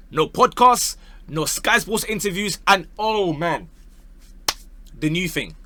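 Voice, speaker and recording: A man's voice: a little high, no room sound. A young man giving casual, mocking football commentary to camera, full of slang and "bro". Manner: animated, mocking, slangy, says bro a lot. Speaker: football opinion vlogger.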